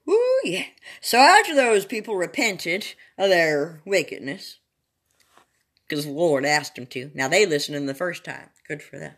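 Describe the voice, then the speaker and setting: A woman reading Bible chapters aloud in a sing-song, drawn-out dramatic way, breaking off for chatty asides to her listeners. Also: low voice, lively intonation, fairly bright tone, husky. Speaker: Bible reader.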